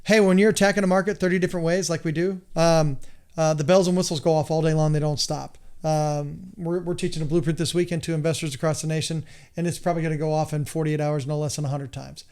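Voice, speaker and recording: A middle-aged man from the United States gives an emphatic instructional talk, often sounding exasperated. He repeats his points for weight. His voice sits fairly high and sounds clear and resonant. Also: steady tone, fast, a little mellow. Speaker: real estate investor and hard money lender. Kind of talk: instructional monologue.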